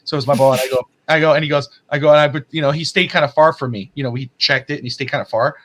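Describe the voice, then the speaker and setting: A man, a father and podcast host, chatting casually and acting out quoted lines in a loud, animated way. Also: fairly high pitch, very fast, slight background noise. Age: adult father. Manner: animated storyteller, acts out quotes loudly. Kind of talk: casual chat.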